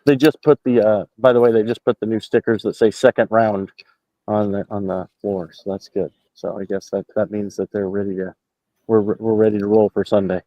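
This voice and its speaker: Brisk and lowish-voiced, with fairly even intonation, a man calls in from a basketball arena just out of the locker room. The dry, dull lo-fi call captures his loose postgame take, rambling and heavy with fillers and restarts.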